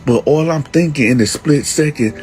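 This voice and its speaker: A man's voice: a little high, moderate pace, darkish tone, faint music behind. A man who hosts a channel, casually and emphatically telling a prison story and often calling out to his listeners. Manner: emphatic, streetwise, keeps addressing the audience.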